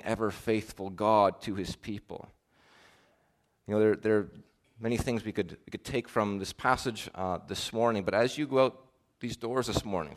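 A man delivers a sermon in a somewhat low voice. He speaks earnestly, pushing certain phrases with force and letting others fall quiet. Now and then he stumbles and restarts a word. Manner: earnest, with swells of emphasis and soft drops. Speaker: preacher.

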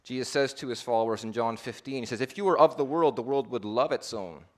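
A male preacher delivering a sermon with strong swings in volume and intensity. He builds to loud, impassioned climaxes, then drops to near-hushed endings, and sometimes slows right down to stress a point. His voice sits at an ordinary middle pitch for a man. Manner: dynamic delivery, swings between loud emphatic peaks and low hushed endings; slows to a deliberate, repeated emphasis.

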